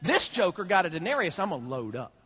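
A preacher playing a cocky slangy vineyard laborer. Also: male voice, sits high, sing-song, quick pace, sharp tone, heavily acted. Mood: gloating. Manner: slangy, swaggering. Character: cocky male vineyard laborer expecting a big payday.

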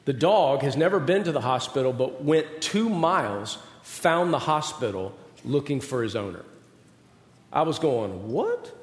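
A man's voice: mid-range voice, animated, unhurried. A middle-aged man preaching, telling self-deprecating personal stories in a conversational way. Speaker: pastor. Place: large hall with an audience. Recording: roomy hall with long reverb.

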